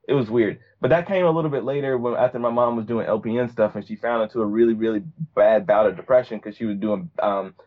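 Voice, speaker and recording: A man's voice: mid-range voice, fast talker, few pauses, phone-quality sound. A young man from Virginia telling a personal story in a casual, rambling way, full of fillers and restarts. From Virginia, USA. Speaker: podcast guest.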